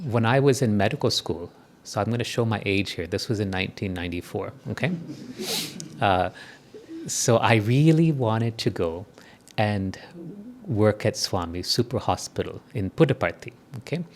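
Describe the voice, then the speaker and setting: A man in his fifties giving a spiritual talk to a live audience, conversational and often checking in with listeners through quick tag questions. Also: lowish voice, expressive. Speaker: spiritual speaker.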